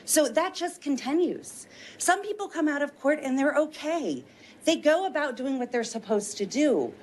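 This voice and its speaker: Woman witness, public testimony, earnest persuasive delivery, a touch high-pitched. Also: big pitch swings, normal speed. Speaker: witness testifying at a legislative hearing. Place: legislative hearing room.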